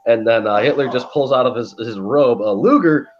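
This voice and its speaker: A man in casual podcast chat, profane and animated as he tells a story. His voice sits at a middle pitch, and the recording sounds a little dull and lo-fi. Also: normal speed, slight background noise. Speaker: podcast co-host.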